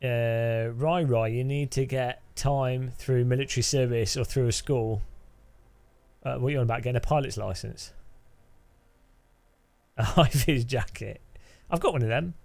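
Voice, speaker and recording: A man's voice: mid-range voice, measured pace, vocal fry, long pauses, a little mellow. A man talks to his live-stream chat while playing a game. He rambles, restarts sentences often, and laughs a lot. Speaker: gaming streamer.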